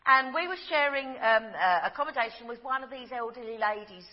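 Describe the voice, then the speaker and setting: A middle-aged woman with a high voice gives a sermon in a gentle storytelling way, sinking to a near-hush when the moment turns tender. Her words ring with a long echo, as if spoken in a church hall, and the recording sounds dull and muffled. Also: fairly quick. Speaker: preacher.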